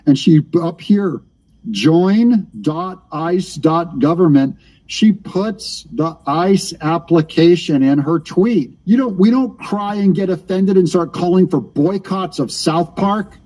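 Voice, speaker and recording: Husky, ranting male streamer. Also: sits high, slow, dark tone. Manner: ranting, sarcastic, addresses chat directly. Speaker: live-stream political commentator. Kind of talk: casual live-stream commentary.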